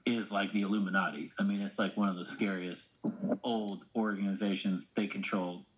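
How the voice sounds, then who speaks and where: Man, podcast co-host, rambling casual talk, halting restarts. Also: deep voice, flat delivery, echoey room, low-quality recording.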